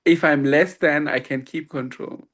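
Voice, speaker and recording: A swami appearing as a podcast guest tells a personal story, animated and laughing often as he acts out dialogue. His voice is a little high and a little slow.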